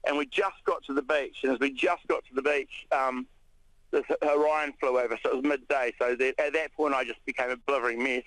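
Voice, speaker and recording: A New Zealand man, a radio interview guest, recounting an ordeal in a halting way with many restarts. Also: mid-range voice, no room sound, rough recording. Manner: halting, many restarts, animated when retelling shouts.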